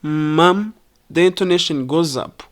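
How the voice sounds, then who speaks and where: English teacher from rwanda, super slow, says every word twice to show it. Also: medium pitch, a bit bright. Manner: deliberate, repeats words to demonstrate. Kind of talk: pronunciation lesson.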